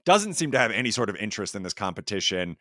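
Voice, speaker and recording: A podcast host chats casually about a film, rambling with plenty of fillers, leaning heavily on "like," and rising animatedly. His voice is fairly low and quick, recorded dry with studio quality.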